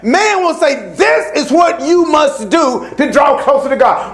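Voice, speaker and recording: A man with a very high voice preaches a sermon, rising from calm teaching into fervent shouted passages. His delivery swings in pitch as he presses his points, with call-and-response rhythm. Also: moderate pace, hardly any pauses.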